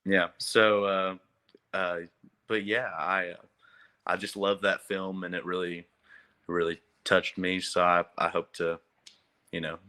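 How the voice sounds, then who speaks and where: A man's voice: low voice, level tone, a little slow, long pauses, pushed and bright, clean tone. A young man talking as a podcast guest in casual chat, hesitant, with lots of fillers and restarts.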